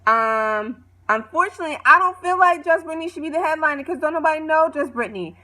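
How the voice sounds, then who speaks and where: A woman vlogger casually recapping a reality show, animated, opinionated and full of slang. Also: high voice, very fast.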